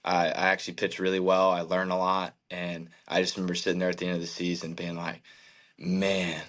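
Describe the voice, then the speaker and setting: A man in his thirties, a podcast guest, telling a candid personal story in an earnest, halting way, with many fillers and restarts. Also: low-pitched, monotone, fairly bright tone. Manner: emotional, reflective faith talk. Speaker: podcast guest, baseball pitcher.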